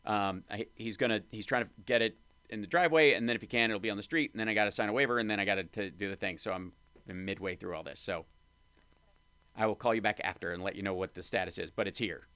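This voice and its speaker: A man hosting a live stream, reacting to clips with wry, excitable commentary. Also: fairly low pitch, fast, clean tone, no echo. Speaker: host.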